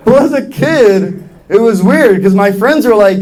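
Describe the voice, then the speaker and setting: Performing stand-up in a club, this young man from New York speaks slowly in a high-pitched voice, animatedly mimicking others' voices as he delivers jokes. A little hiss or hum runs under the live recording, with the audience laughing.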